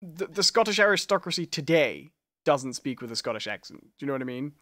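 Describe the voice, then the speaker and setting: Male co-host, slightly high voice, explainer type who corrects others, dry close sound. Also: big pitch swings, quick pace, fairly bright tone, no room sound. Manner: explains and corrects with historical facts. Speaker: podcast co-host. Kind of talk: casual live chat.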